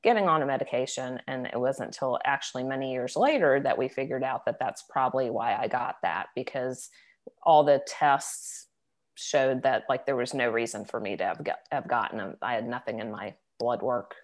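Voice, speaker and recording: A middle-aged woman from Virginia with a strikingly low voice tells her own story as an interview guest. She speaks in a conversational, reflective way, with natural fillers. Her tone stays relaxed and personal. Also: moderate pace. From Virginia, United States. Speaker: health coach, guest.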